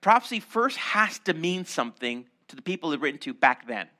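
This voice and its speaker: Male pastor, sermon, high voice, bright tone, animated teaching. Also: fairly quick.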